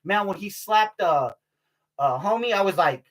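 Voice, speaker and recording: A man's voice: high-pitched, expressive, measured pace, a bit bright. An older man vlogging in a casual, rambling monologue, swearing freely and stalling on fillers. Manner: profane, rambling, many fillers and restarts; laughs between remarks.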